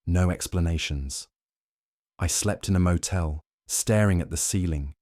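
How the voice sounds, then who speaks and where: A young man narrating his own dramatic story in the first person, brooding and measured, with a vengeful edge. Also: low-pitched, mellow, no echo, studio quality.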